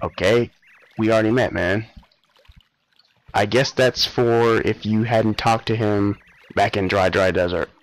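A man's voice: lowish voice, steady tone, unhurried, pauses often, rough recording. A young man casually commenting on a game he is playing, offhand and sarcastic with mumbled asides. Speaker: let's play host.

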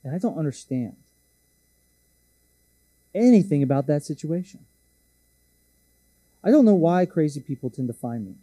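A man's voice: on the high side, big pitch swings, moderate pace, long pauses, dark tone, husky, no room sound. A man preaching a sermon, telling a story in a casual, joking, self-deprecating way. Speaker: pastor.

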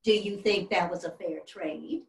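A woman voicing a folksy, stern but gentle frontier father who speaks in a plain country drawl. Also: on the low side, unhurried, pitched below the performer's own voice. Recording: roomy hall from a distant mic.

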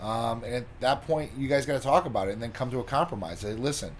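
A man co-hosting a talk show, giving relationship advice in a measured, filler-laden way. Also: medium pitch, slight background noise. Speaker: co-host, partner of the other host. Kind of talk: casual advice chat.

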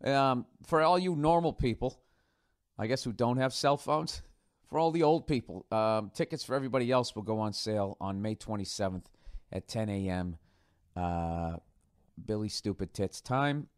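A man's voice: on the low side, moderate pace, clean tone, no echo, clean studio sound. Profane, sarcastic man rambling on his podcast. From United States. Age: middle-aged. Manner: profane, sarcastic, loose asides. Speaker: podcast host. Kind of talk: casual rambling monologue.

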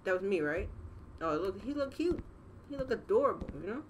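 A young woman playing a horror game and reacting out loud, profane and jokey as she goes. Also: mid-range voice, expressive, brisk, heavy background noise. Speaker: gaming channel host.

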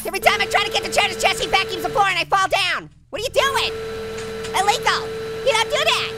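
A man voicing a hyper, wisecracking male talking orange, giggly and squeaky, making puns and teasing while playing a video game. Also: fast talker, music in the background. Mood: frantic. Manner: excitable, teasing, bursts into shouts. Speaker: gaming channel host character. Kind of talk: let's play commentary.

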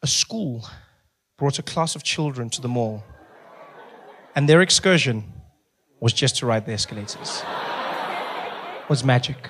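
A male stand-up comedian telling a story in an animated way and acting out the people in it. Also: medium pitch, unhurried, pauses often, a faint crowd, slight background noise. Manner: animated, acts out characters.

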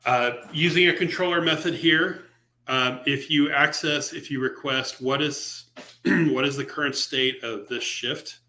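Bright-toned man giving a technical talk. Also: a little high, fairly even intonation, unhurried, a little hiss or hum. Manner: conversational, with frequent fillers and restarts, mildly sarcastic asides. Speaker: featured speaker presenting a software library. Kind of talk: technical presentation on a live stream. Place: remote meetup talk over a video call.

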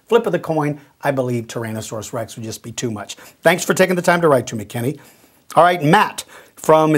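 A middle-aged man hosting a question-and-answer show, explaining things in a friendly, folksy way straight to young viewers. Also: a little high. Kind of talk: casual explanatory talk.

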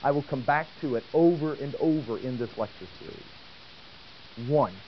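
A man giving a lecture and telling a story, talking in an animated way and asking the audience questions. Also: medium pitch, a little slow. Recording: dull old tape with faint hiss.

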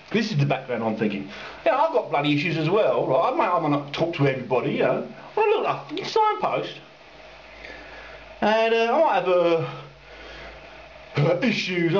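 A man's voice: high-pitched, sing-song, a little fast, a little hiss or hum. A man ranting angrily about drivers asking him for directions, swearing and mocking them in put-on voices. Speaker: cyclist ranting to camera. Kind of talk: angry rambling rant. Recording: roomy, dull lo-fi sound with faint ambience.

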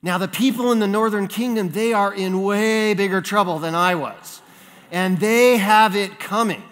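A man preaching a sermon, telling a childhood story in an animated way and acting out the voices in it. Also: sits high, moderate pace. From California. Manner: animated storyteller, acts out voices in his anecdotes. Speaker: pastor. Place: church sanctuary. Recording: long reverb of a church sanctuary.

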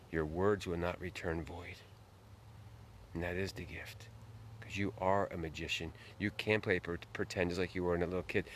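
A man's voice: deep voice, a little hiss or hum. A man hosting a late-night live stream outdoors, greeting viewers by name and giving a folksy, earnest motivational talk.

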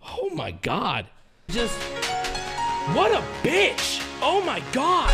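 A man's voice: very high-pitched, huge pitch swings, extremely slow, over loud music. A man streaming live, ranting angrily with heavy swearing and exasperation. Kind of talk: angry live-stream rant.

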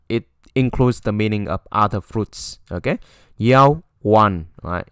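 Male language teacher, slow deliberate pace, smooth clear voice, dry close sound, keeps saying okay. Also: lowish voice, expressive, dry recording. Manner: says "okay" constantly, repeats example phrases loudly. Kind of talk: explaining a textbook lesson.

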